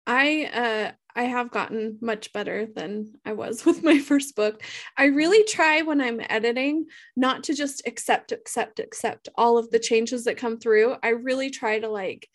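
Giggly woman co-host, higher voice. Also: unhurried. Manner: laughs often, agreeable. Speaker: podcast co-host, author. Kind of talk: casual chat.

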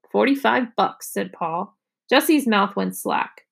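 Gravelly-voiced woman reading a children's novel. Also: takes it slowly. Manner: expressive, raises pitch for children's dialogue. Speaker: teacher reading aloud. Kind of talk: storybook read-aloud.

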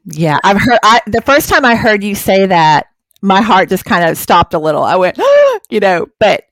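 A woman's voice: medium pitch, expressive, moderate pace, fairly bright tone, no echo. A woman hosting an interview, supportive and encouraging, often affirming what her guest says. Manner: affirming, encouraging, frequent agreement. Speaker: interview host. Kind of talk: conversational interview.

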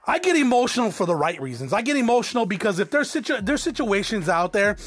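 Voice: medium pitch, very animated, quick pace, no room sound. A podcast host and business owner giving a blunt, profane solo monologue, often checking in with the listener by asking "okay?".

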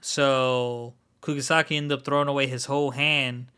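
A man's voice: mid-range voice, level tone, moderate pace, bright, forceful tone, clean tone. A man co-hosting a podcast, loosely recapping a show in casual, filler-heavy chat. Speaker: podcast co-host.

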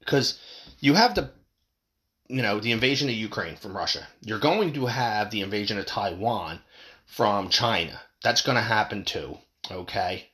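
A man giving a profane, angry political rant, with big swings in pitch when he stresses a point. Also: a bit bright. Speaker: political commentator.

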